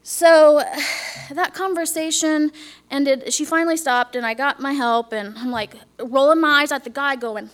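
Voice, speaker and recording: A woman's voice: high voice, a little slow. A middle-aged woman giving a personal testimony to a congregation, earnest, sometimes dropping to a whisper and asking the listeners questions. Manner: earnest, drops to a whisper, asks the audience questions. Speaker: speaker giving a church testimony.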